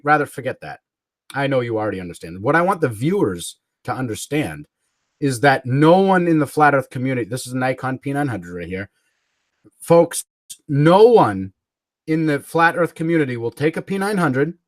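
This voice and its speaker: A man rants through a livestream in a combative, mocking tone, cursing and chuckling as he goes. His pitch swings widely and freely. The recording is close and dry. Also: no room sound. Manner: combative and mocking, swearing, chuckling between jabs. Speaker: livestream host. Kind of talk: ranting livestream commentary.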